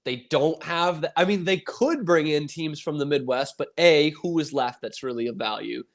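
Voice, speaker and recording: A man's voice: fairly high pitch, moderate pace. A man co-hosting a casual sports podcast, ranting in a rambling way and acting out quoted voices. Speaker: podcast co-host.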